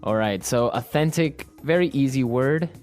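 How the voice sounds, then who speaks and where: A man co-hosting an English lesson, explaining words clearly and slowly like a teacher. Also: mid-range voice, darkish tone, soft background music. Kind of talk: language lesson chat.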